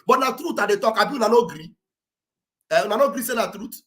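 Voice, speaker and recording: A Nigerian man with a booming voice rallies listeners on a livestream, his English laced with Pidgin. He talks in a high register and pushes his appeals to a shout, like a preacher at a pulpit. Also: lively intonation, fast talker. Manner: loud, preachy, shouting exhortations. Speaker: livestream commentator. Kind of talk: impassioned livestream address. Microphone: streaming setup mic.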